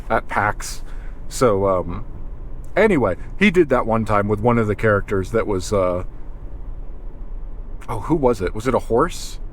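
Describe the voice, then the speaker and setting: A man's voice: on the low side, a little hiss or hum. A man who films wildlife, talking casually to the camera in his vlog, thinking aloud, restarting sentences and drifting between topics. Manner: chatty, self-interrupting, thinks aloud. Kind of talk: casual rambling vlog monologue. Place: in a car, then outdoors in a cold parking lot.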